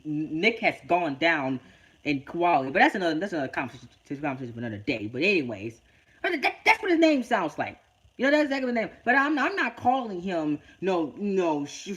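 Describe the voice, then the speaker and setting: Stammering, ranting man with lively pitch. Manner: stammering, repeats words often; ranting, exasperated. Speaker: wrestling show reviewer. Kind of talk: casual podcast-style review.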